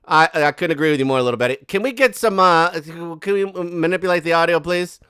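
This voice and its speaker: A man's voice: fairly high pitch, fairly quick, sharp tone, clear, resonant tone, no echo, studio quality. A man giving casual gossip commentary, rambling and sarcastic with many fillers and asides. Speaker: commentary host.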